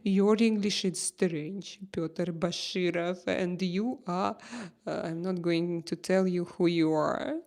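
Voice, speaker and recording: A Russian woman with a Russian accent hosting a casual livestream chat, reading comments and pausing often to search for English words. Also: on the low side, darkish tone. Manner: halting, searching for English words, many fillers. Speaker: livestream host.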